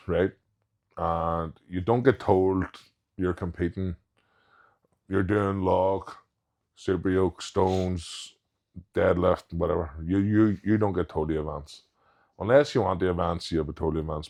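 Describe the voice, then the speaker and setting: A deep, darkish male voice belongs to a professional strongman on a podcast. In casual chat he shares anecdotes, voicing other people's words as retold dialogue.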